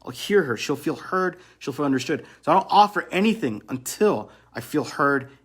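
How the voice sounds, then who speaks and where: A man's voice: fairly high pitch, animated, moderate pace, fairly bright tone, husky. A man coaching other men on relationships in a blunt motivational monologue, swearing and repeating phrases for emphasis.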